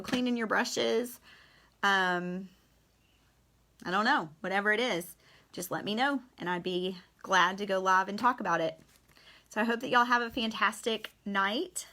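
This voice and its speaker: Bright chatty woman teaching painting. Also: medium pitch. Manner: chatty, friendly, says "y'all". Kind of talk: live-streamed painting demo.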